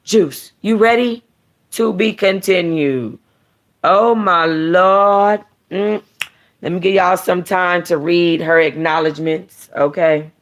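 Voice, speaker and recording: A woman hosting a book club, reading a novel aloud and then chatting casually in an animated, slangy way. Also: on the low side, takes it slowly. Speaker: book club host and reader.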